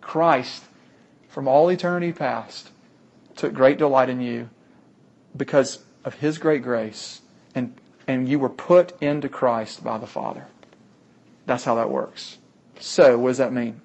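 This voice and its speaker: A man preaching a sermon, earnest and emphatic, often repeating key phrases for weight. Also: medium pitch.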